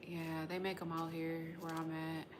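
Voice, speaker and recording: Against a noisy background, a deep-voiced woman speaks in a monotone at a moderate pace. She hosts a tarot livestream from the US West Coast, chatting with viewers in a loose, slangy, rambling style with casual swearing.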